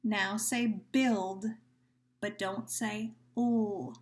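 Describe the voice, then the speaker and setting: A woman's voice: mid-range voice, steady tone. A woman teacher leading young children through a phonemic awareness lesson, running patient sound drills and praising each answer. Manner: slow, patient drills with pauses and gentle praise.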